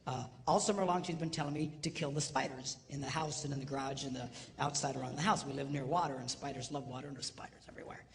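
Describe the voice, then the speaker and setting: An older man giving a humorous live marriage seminar in a large hall. He is animated, swings between loud and hushed, and acts out other people's voices. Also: mid-range voice, quick pace, vocal fry. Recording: long hall reverb, faint background noise.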